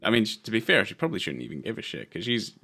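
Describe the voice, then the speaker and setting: A man's voice: lowish voice, wildly swooping pitch, racing, vocal fry, pushed and bright, breathy edge. A man co-hosting a podcast, chatting casually about a film in a rambling, sweary way that keeps interrupting itself. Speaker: podcast co-host. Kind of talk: casual film review chat.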